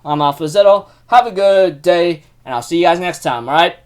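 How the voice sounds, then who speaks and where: A young man hosting a casual anime recap, excitable and full of fillers like "dude" and "you know". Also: sits high, brisk, clean tone.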